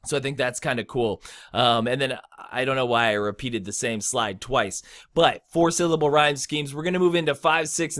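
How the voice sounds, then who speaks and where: A young man talks through rap rhyme techniques in a relaxed, slangy tutorial tone. He fills his sentences with ums and casual asides. His voice sits at an ordinary middle pitch. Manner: laid-back, slangy, filler-heavy. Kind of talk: casual instructional talk.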